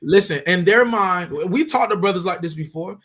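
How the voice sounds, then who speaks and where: A man's voice: high voice, expressive, moderate pace, fairly bright tone. A man teaching scripture in a casual street style, emphatic and conversational, often repeating his points for stress. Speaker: religious teacher.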